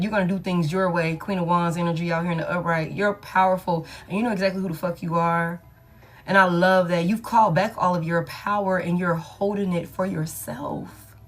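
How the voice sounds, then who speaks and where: A woman giving a casual collective tarot reading, blunt and slangy, swearing freely and hyping the listener up. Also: lowish voice. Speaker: tarot reader.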